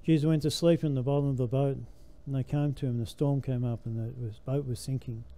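Older guy preaching in church, really dark mellow voice, goes up and down with it. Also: medium pitch, steady tone, brisk. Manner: emphatic, voice rising and falling with the message. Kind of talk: sermon.

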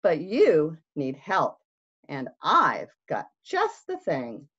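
A woman voicing a sly, fast-talking male fox salesman with a wheedling pitch, in a storybook reading. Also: huge pitch swings, fairly bright tone, husky, heavily acted. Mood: sly salesy. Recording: dull lo-fi recording.

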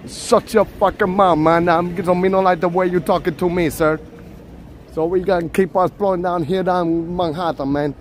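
A boastful, playfully threatening Jamaican street tough, as a man puts him on while walking a city street. The voice sits a bit high, and faint traffic noise runs behind it. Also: steady tone, normal speed, hardly any pauses, natural voice. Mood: mock tough.

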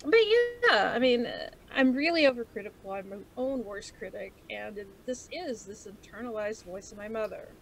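A woman's voice: medium pitch, normal speed, vocal fry, hardly any pauses, fairly bright tone. A woman co-hosting a casual podcast chat, candid and self-mocking, laughing often as she talks. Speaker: podcast co-host.

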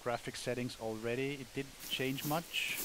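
A man's voice: mid-range voice, fairly even intonation, unhurried, very noisy. A man casually commenting on a hunting video game as he plays, thinking aloud with wry asides. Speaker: gamer, let's play host.

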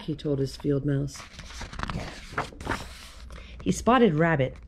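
Librarian lady reading a kids' storybook, slow and bouncy, faint hum behind. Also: low voice. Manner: gentle, expressive storybook reading to children. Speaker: children's librarian. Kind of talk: storytime read-aloud.

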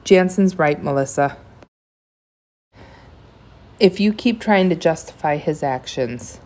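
A woman's voice: deep voice, lively intonation, takes it slowly, a little mellow, heavily acted. A woman reading aloud, voicing a middle-aged father who scolds his son firmly in a raised voice. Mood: stern. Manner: firm, scolding.

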